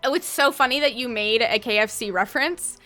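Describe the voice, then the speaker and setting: A woman's voice: fairly high pitch, brisk, loud music behind the voice. A woman narrating as game master of a tabletop game, chatty and full of filler words.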